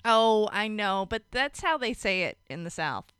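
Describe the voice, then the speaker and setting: A woman co-hosts a loose podcast chat. Her voice is bright and her pitch moves a lot. She laughs often and swears in passing, and the sound is dry and close. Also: very animated, moderate pace, clear, resonant tone, no echo. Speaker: podcast co-host. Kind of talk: casual chat.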